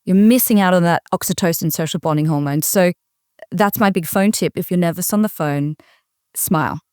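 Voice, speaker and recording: A woman speaking as an interview guest, confident and energetic, with neat quotable phrasing. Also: fairly low pitch, moderate pace, smooth, no room sound, clean studio sound. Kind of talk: interview conversation.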